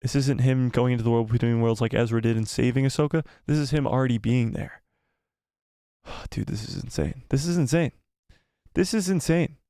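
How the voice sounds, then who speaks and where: A man hosting a live watch party stream, talking excitedly and breathlessly, swearing and repeating himself while reading viewer comments. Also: mid-range voice, normal speed, no room sound, clean studio sound.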